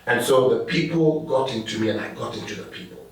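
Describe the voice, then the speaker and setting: A middle-aged pastor from Ghana answers interview questions, telling stories and laughing along the way. His voice is mid-range and a bit fast, recorded on a distant mic in an echoey room.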